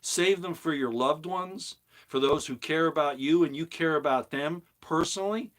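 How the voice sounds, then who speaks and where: A middle-aged man hosts his own commentary channel, speaking at normal speed in a fairly high, slightly bright voice. His opinionated monologue is heated and preachy, relying on emphatic repetition.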